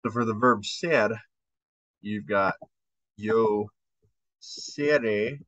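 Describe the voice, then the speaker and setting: A man's voice: on the low side, a bit bright, no room sound. A man teaching a casual language lesson, drilling verb forms aloud and correcting himself as he goes. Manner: slow, drills conjugations aloud, corrects himself mid-sentence. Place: home room. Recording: dull lo-fi home recording.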